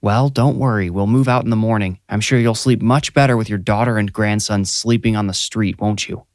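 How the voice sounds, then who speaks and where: A man voicing a protective mother who soothes her son gently and snaps at her father. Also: lowish voice, steady tone, fairly quick, dry recording, clean studio sound, close to an everyday voice. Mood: snappish. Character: protective, sharp-tongued mother.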